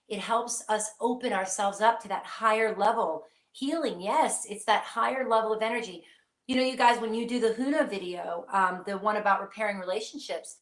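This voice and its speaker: A woman's voice: on the high side, a bit bright, echoey room. A woman hosting a live psychic question-and-answer stream, speaking earnestly and reassuringly straight to her viewers.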